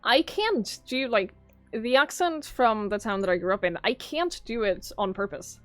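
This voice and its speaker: A woman's voice: on the high side, animated, normal speed, a bit bright, no room sound, soft background music. Chatty Norwegian woman streaming. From Norway. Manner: chatty, musing aloud, swears casually, reads chat aloud. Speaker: game streamer. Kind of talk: casual live-stream chat.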